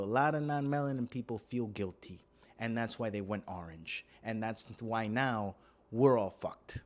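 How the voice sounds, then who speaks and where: A man's voice: medium pitch, no room sound. A Puerto Rican man hosting a podcast, delivering a profane comedic rant and switching freely between English and Spanish. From Puerto Rico. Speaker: podcast host.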